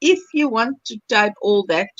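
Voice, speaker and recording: A woman's voice: a little high, animated, measured pace, fairly bright tone, no echo, highs cut off. A woman hosting a crochet livestream, chatting casually, laughing often and reading viewer comments aloud. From South Africa.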